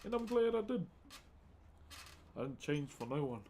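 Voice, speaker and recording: A man with a New Zealand accent talks casually on a live stream, greeting viewers by name in easygoing slang. His voice sits a little high and sounds warm and mellow. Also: very animated, moderate pace, gravelly, slight background noise. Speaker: livestreaming wood carver.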